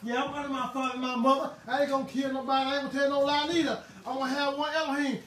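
A man's voice: very high-pitched, level tone, very fast, a bit bright, reverberant. Man, preacher, fervent emphatic sermon, distant mic, faint background noise.

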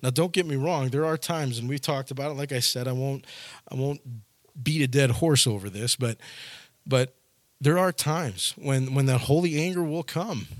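A man's voice: mid-range voice, normal speed, no echo. A male pastor preaching a sermon in an earnest way, repeating phrases and restarting lines as he builds a point.

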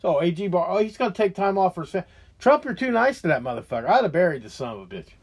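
A man's voice: high voice, big pitch swings, fast, husky. A man hosting his own show, delivering a heated, profane political rant. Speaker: show host.

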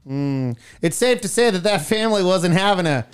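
A woman's voice: on the low side, expressive, over music. A woman co-hosting a radio show, chatting and joking in a playful, teasing way. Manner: playful, teasing, quick jokes. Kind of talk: casual morning radio banter.

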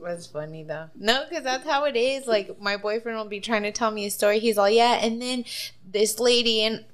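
Female podcast guest, fairly high voice, chatty storyteller. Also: normal speed. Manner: storytelling, acts out quotes. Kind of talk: casual chat.

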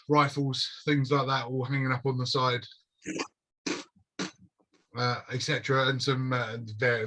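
Bright-voiced man narrating a tabletop game. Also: mid-range voice. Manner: rambling, searching for words. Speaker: game master.

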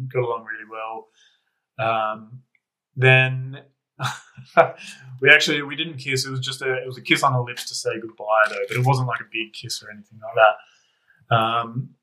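A man's voice: mid-range voice, bright, forceful tone, low-quality recording. A young man, casually telling a rambling anecdote as a guest. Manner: rambling, self-correcting anecdote with laughs. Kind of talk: casual storytelling.

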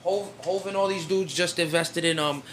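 A man's voice: a little high, fairly even intonation, normal speed, a bit bright, slight background noise. A man in casual chat who talks emphatically and keeps repeating his points.

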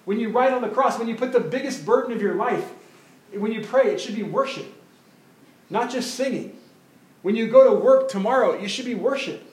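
A man preaching a sermon as pastor, animated, often repeating words as he builds his point. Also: extremely high pitch, a little fast, reverberant, low-quality recording.

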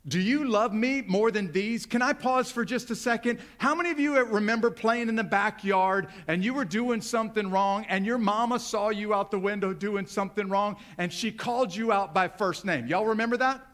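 A man's voice: sits high, moderate pace, hardly any pauses, fairly bright tone. A male pastor preaching a sermon, talking directly and conversationally to his congregation.

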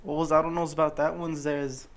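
Excitable young man with a higher voice. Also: a little fast. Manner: animated, slangy, laughs a lot. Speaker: podcast co-host. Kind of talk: casual chat.

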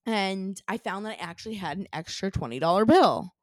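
Animated woman telling a story. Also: medium pitch, a little fast, no room sound, clean studio sound. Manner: animated storytelling, lots of "like" fillers. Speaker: podcast co-host. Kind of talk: casual chat.

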